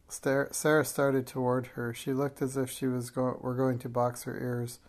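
An audiobook reader narrating a classic children's novel in an even, measured way, with occasional small slips. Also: mid-range voice.

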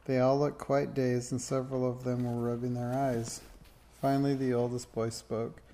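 A male storyteller reading a children's book with steady, expressive pacing. His voice is gravelly, with a dark, mellow tone in a middle pitch. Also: moderate pace, a little hiss or hum. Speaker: narrator.

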